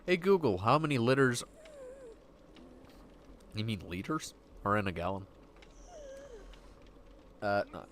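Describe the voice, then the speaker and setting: A man hosting a livestream, rambling in casual chat and acting out quick voices when quoting. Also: fairly low pitch, big pitch swings, a bit bright, a little hiss or hum. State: getting hiccups. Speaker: livestream host.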